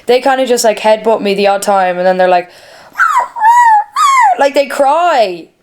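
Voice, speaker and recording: A woman's voice: mid-range voice, measured pace, very noisy. Rambling, candid young woman vlogging at home. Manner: rambling, candid, swears freely. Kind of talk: casual chat.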